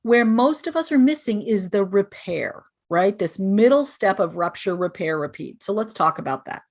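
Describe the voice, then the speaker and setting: A woman's voice: mid-range voice, expressive, normal speed, a little mellow. A woman speaking as a podcast guest, giving earnest, explanatory parenting advice and acting out sample phrases parents might say. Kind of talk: podcast interview.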